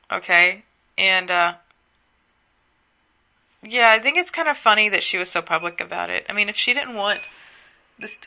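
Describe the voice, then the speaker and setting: A sleepy young woman, yawning, hosts a solo podcast from home, chatting casually, gossiping, and rambling with asides. Her voice is mid-range with a sharp tone.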